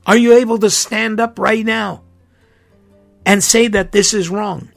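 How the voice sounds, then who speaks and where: A man's voice: high-pitched, steady tone, unhurried, creaky, soft background music. A middle-aged man, a priest hosting his own podcast, speaking in an earnest, indignant and emphatic monologue.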